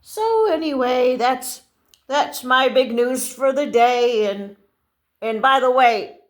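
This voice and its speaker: An older woman telling a casual rambling story to camera, halting and restarting often. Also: high-pitched. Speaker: vlogger.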